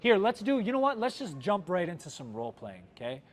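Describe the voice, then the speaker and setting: A man's voice: sits high, brisk. Upbeat sales manager coaching his team. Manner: energetic, coaching, lots of "right?" and "like". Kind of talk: team sales training talk. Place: car dealership.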